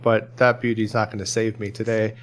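A man's voice: lowish voice, level tone, fairly quick. A man playing his character in a tabletop game, jokey and often laughing. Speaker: player.

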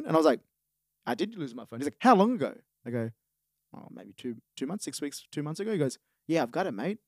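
A young man, a podcast co-host, telling an animated, laughing story in casual chat. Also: on the high side, fast, dry recording, studio quality. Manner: animated, laughing, acts out quoted voices.

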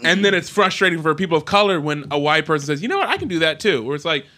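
A man co-hosting a casual podcast chat, animated and laughing often. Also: on the high side, fast. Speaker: podcast co-host.

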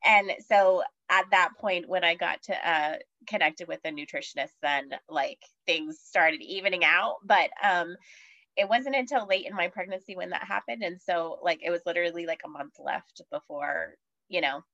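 Speaking at a moderate pace in a fairly low voice that sounds pushed and bright, this woman is a guest on a podcast sharing something that happened to her. Her casual delivery is full of fillers and acted-out quotes, and the recording is dull and lo-fi.

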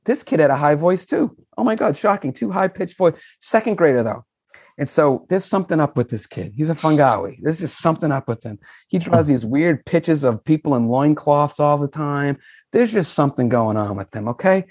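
A man's voice: on the high side, brisk, no echo, clean studio sound. A middle-aged man from Boston with a Boston accent, a former principal telling folksy stories as a podcast guest. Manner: animated, folksy storyteller. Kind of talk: podcast interview storytelling.

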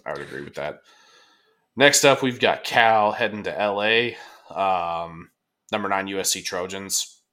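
A male podcast host chats casually about sports in a low voice at a measured pace. He's relaxed and laid-back, using lots of fillers and the odd curse word.

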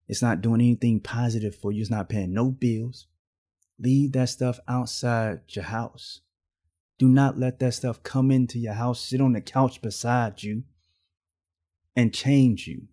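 This podcast host speaks in a warm, medium-pitched voice at a measured pace, with fairly even intonation. His casual monologue is preachy and story-driven, and he draws his phrases out slowly.

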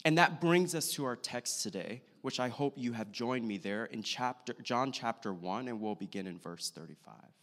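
A man, a pastor, preaching a sermon with a measured delivery and slow, deliberate emphasis. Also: medium pitch, animated, fairly bright tone. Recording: long hall reverb.

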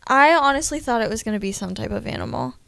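A young woman co-hosting a podcast, talking casually and hedging her ideas. Her fairly high voice has a lot of vocal fry. The sound is dry and close. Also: very animated, fast talker, fairly bright tone, dry recording. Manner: chatty, hedging with "like" and "I guess". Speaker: podcast co-host. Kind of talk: casual chat.

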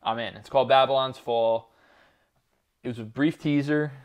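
A man's voice: mid-range voice, steady tone, normal speed, clean tone. A man co-hosting a casual podcast chat, rambling with lots of fillers, laughter and swearing. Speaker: podcast co-host.

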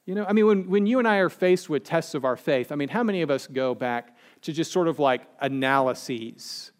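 Male pastor, slightly higher-pitched voice, relaxed joking sermon delivery. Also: fairly quick. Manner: chatty, joking, acts out quoted people. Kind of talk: conversational sermon.

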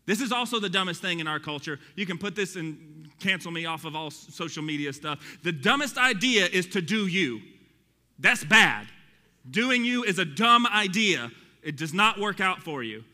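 A pastor in his thirties preaches a sermon at a moderate pace, his voice high and very bright. He's animated, dropping joking asides between verses, and a long reverb from a large hall colors the sound.

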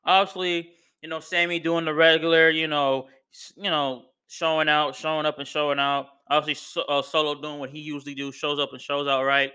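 A man hosting a podcast, giving a casual, profane, slang-filled and excitable recap of a wrestling match. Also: on the high side, fairly quick, hardly any pauses, smooth. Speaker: podcast host.

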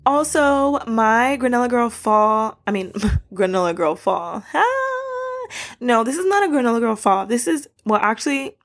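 A woman's voice: on the high side, animated, normal speed. A young woman hosting a casual solo podcast, rambling and laughing between fillers. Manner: rambling, giggly, many fillers. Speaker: podcast host.

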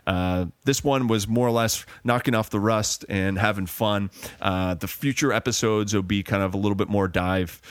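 Deep-voiced rambling podcast host, man. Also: normal speed, hardly any pauses, no room sound. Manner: rambling, with many fillers and restarts. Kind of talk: casual podcast chat. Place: room in a big old house.

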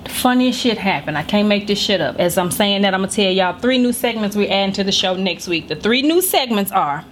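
A woman's voice: mid-range voice, expressive, a little fast, few pauses, slight background noise. Blunt, profane woman storyteller. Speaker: podcast host. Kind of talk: comedic storytelling. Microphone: studio microphone.

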